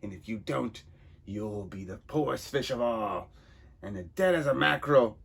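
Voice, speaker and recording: A man's voice: medium pitch, animated, moderate pace, gravelly, a bit bright, slightly rough, exaggerated voice. A man voicing a grinning, menacing male clown villain in a comic book reading, talking in a theatrical, taunting sing-song. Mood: menacing glee.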